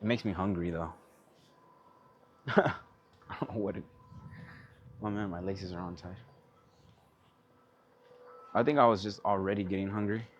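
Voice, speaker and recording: A man's voice: sits low, measured pace, pauses often, muffled recording, a little hiss or hum. A man who drives trucks, chatting casually for his vlog in a laid-back, slangy, rambling way while out at a truck yard.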